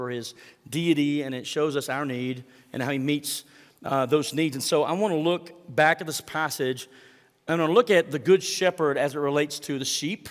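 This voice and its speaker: A man with a fairly high voice preaches as a pastor in a large hall. His sermon is earnest and conversational, full of fillers and repeated words while he reads scripture and prays.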